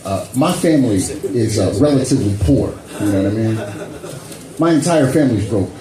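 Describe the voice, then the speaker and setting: A man working a comedy club stage with a mellow, relaxed tone and a lively, swinging pitch. He talks loosely to the crowd, tagging lines with "you know" and "man". The mic carries the echo of the club room, with faint ambience behind. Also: fairly quick, slight background noise. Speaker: stand-up comedian. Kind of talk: stand-up set with crowd work.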